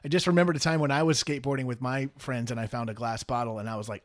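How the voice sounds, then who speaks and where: A man's voice: mid-range voice, rapid-fire, hardly any pauses. A man co-hosting a podcast in casual chat, telling self-deprecating stories with a joking manner. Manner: self-deprecating, jokey storyteller. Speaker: podcast co-host.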